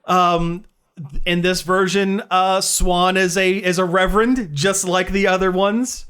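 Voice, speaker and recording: Podcast cohost, lively storytelling, keeps laughing. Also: mid-range voice, unhurried, clear, resonant tone. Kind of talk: casual chat.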